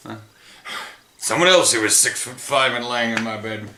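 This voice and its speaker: A man's voice: mid-range voice, normal speed, pushed and bright. A tired man after a run, hosting a casual chat about films and rambling, often trailing off mid-thought. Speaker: host. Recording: roomy echo.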